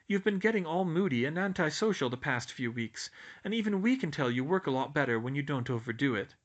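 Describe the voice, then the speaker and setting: A man doing a gentle, caring schoolgirl. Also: on the high side, lively intonation, fairly quick, muffled recording, pitched above the performer's own voice, close to an everyday voice. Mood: gentle firm. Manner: gentle but firm.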